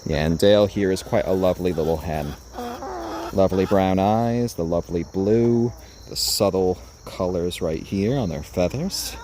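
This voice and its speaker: Man, slightly low voice, casual backyard livestreamer from Japan, soft coaxing tone with his birds; phone mic outdoors, clear background noise. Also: normal speed. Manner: talks softly to his chickens in a coaxing sing-song. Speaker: chicken keeper livestreaming. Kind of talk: casual live-stream chat. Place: outdoors in a backyard by chicken coops. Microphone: phone camera. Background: chickens clucking, insects chirping.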